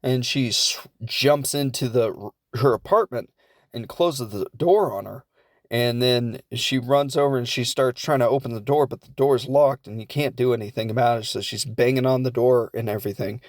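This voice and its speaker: Young man, rambling comedic movie recap, average pitch, dry close mic. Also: dry recording. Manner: rambling, acts out characters' lines in quick asides. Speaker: film recap host.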